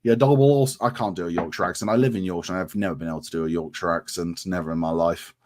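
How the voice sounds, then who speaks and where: Very fast and fairly even in intonation, a deep male voice comes from an English livestreamer raised around Milton Keynes and now broadcasting from his North Yorkshire home. He reads viewer comments aloud and responds in a casual, friendly, um-heavy chat.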